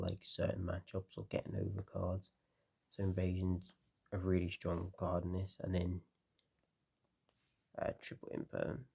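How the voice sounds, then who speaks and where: A tired man talking casually through a card game deck, relaxed and rambling with lots of fillers. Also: low voice, gravelly.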